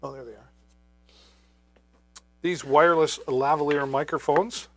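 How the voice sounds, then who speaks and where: A man's voice: on the high side, steady tone, measured pace, fairly bright tone, dry recording. A man hosting a live shopping stream on a wireless microphone, talking casually with many fillers. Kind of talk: live product demo.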